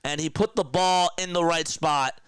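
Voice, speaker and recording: A young man hosting a casual sports livestream, talking to his chat with excitement and emotion. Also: on the high side, moderate pace, clear, resonant tone, dry recording.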